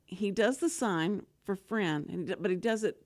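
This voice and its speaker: A woman hosting a talk radio show, telling stories in a chatty, animated way. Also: mid-range voice, normal speed, dry recording. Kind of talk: casual radio chat.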